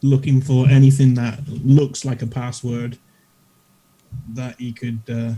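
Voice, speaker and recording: Easygoing man with a dark, mellow voice. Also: medium pitch, flat delivery, unhurried, low-quality recording. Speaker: player. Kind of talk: casual tabletop play.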